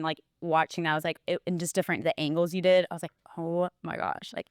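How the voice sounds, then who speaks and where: A young woman, a wellness bodybuilder appearing as an interview guest, chats casually and tells stories, quoting other people. Her voice is on the low side and she talks quickly with few pauses, in a clean, echo-free, studio-quality recording.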